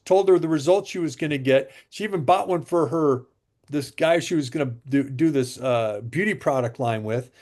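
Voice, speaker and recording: Speaking at a normal speed in a slightly high voice, a male interview guest recounts his experiences selling water machines. The chat is casual, and he animates his stories by acting out people's words.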